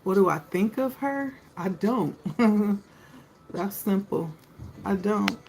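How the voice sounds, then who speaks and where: A woman's voice: mid-range voice, expressive, slow, darkish tone, slight background noise, poor audio. A woman hosting a live tarot stream, chatting casually and greeting viewers by name.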